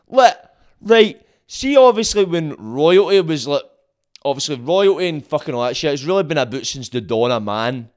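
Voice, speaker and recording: A man with a thick Glaswegian Scottish accent talks alone into a podcast mic, his voice sitting a little higher than most men's. He is blunt and sweary, rambling from one point to the next in a casual, unscripted way. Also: animated, moderate pace. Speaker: podcast host. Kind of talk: casual solo monologue.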